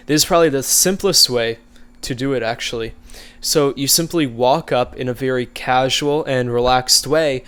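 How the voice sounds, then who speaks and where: A man coaching viewers in a casual, conversational way, relaxed and easygoing, with frequent fillers. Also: medium pitch, normal speed, clean tone. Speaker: social skills coach. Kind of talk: casual instructional talk.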